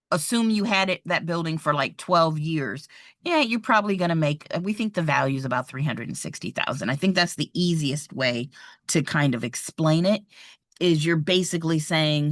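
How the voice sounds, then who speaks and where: A woman's voice: fairly low pitch, a bit bright, dry recording, studio quality. A woman teaching real estate exam math in a live online lesson, patient and encouraging as she works problems out aloud. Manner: patient, encouraging, thinks aloud while drawing.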